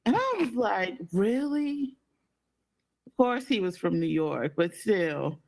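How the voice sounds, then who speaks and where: A man co-hosting a casual podcast, telling stories and acting out the people in them. His voice is gravelly and lively, rising and falling a lot. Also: high-pitched, measured pace. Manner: storytelling, acts out quoted people. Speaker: podcast co-host. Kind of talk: casual chat.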